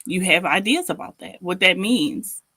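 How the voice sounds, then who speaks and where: A woman hosting a casual online panel chat, talking in a lively, playful way with emphasis. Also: fairly low pitch, normal speed, husky, dry recording, clean studio sound. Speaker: show host.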